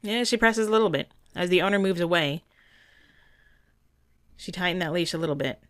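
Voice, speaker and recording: Low-voiced woman, indignant critique. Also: a little fast, a bit bright, dry recording, clean studio sound. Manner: earnest, indignant, frequent restarts. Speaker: dog trainer reviewing a training video. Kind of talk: critical video commentary.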